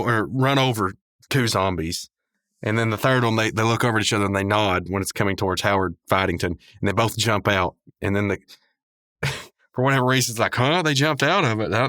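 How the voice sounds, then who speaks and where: A man's voice: fairly low pitch, fairly bright tone, dry recording, clean studio sound. A man hosting a podcast, recapping a cartoon episode in a loose, rambling way, full of fillers and little chuckles. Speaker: podcast host.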